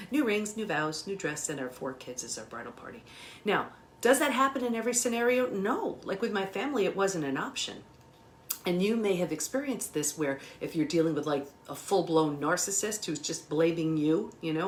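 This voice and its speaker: A woman's voice: mid-range voice, very animated, a little fast, slight background noise. A middle-aged woman speaking as an interview guest, explaining emphatically and animatedly while gesturing as she talks. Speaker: guest expert on betrayal recovery.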